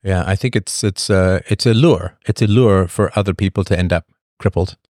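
A man's voice: sits low, normal speed, a little mellow, no echo, clean studio sound. A man hosting a casual livestream, talking in a rambling, sardonic way with frequent restarts. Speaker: livestream host.

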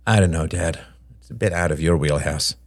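A man voicing an anxious young adult son who stammers and talks in halting bursts. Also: a bass voice, no room sound, studio quality. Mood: nervous.

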